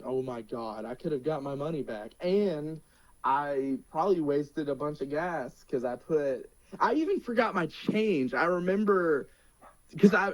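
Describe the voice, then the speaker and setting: Young guy telling stories, lively and laughy, kinda high voice, dry. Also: no room sound, poor audio. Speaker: wrestler and interview guest. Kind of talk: casual storytelling.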